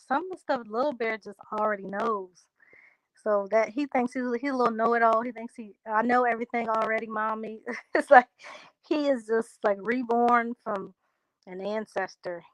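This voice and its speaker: On a livestream, a woman chats casually, reading her viewers' comments aloud and replying to each. Her mid-range voice is loose and unhurried, slipping into a country drawl, and the recording is dry and close with no room sound and poor quality.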